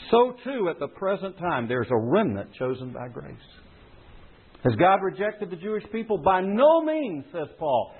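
A man's voice: fairly high pitch, breathy edge. Emphatic preacher man, tinny sound. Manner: emphatic preaching, voice leaps up on quoted lines. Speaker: pastor. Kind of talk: sermon.

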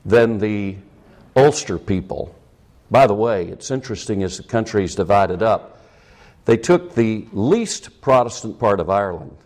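A man's voice: fairly low pitch, darkish tone. A middle-aged man preaching a sermon as pastor, with emphatic rising peaks.

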